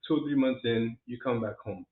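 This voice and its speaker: A man's voice: medium pitch, moderate pace. Earnest man, tinny echoey audio. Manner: earnest, encouraging, many fillers and restarts. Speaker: realtor vlogger. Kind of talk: casual vlog talk to camera. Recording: echoey room, tinny phone-like sound.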